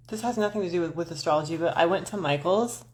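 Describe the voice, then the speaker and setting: A woman's voice: lowish voice, darkish tone. A woman in her forties, livestreaming astrology talk from home in front of her camera, chatting to viewers in a scattered, self-deprecating way with frequent swearing. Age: 40s. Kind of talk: rambling livestream chat.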